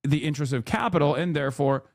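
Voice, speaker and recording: A man's voice: on the high side, fast talker, gravelly, a little mellow, no echo, studio quality. A young man hosting a live political stream, reading out posts and mocking them with a sarcastic, scornful manner. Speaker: political livestream host.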